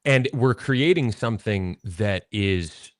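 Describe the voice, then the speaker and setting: A man hosting a podcast, talking in a steady, casual way as he reads a post aloud and explains it. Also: fairly low pitch, slow, dry recording. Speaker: podcast host. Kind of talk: casual conversational discussion. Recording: dry close mic.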